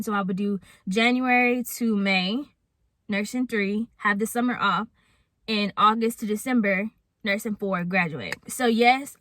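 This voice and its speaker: A woman's voice: a little high, fairly bright tone, no echo. A woman in her twenties telling a candid storytime to camera, chatty and casual, often calling her viewers y'all. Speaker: vlogger. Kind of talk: storytime vlog talking to camera.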